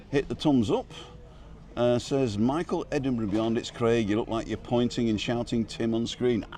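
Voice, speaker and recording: A middle-aged man with a lowish, darkish voice hosts a casual live stream from a restaurant terrace, speaking into a wireless microphone. He chats and reads out viewer comments, adding jokes.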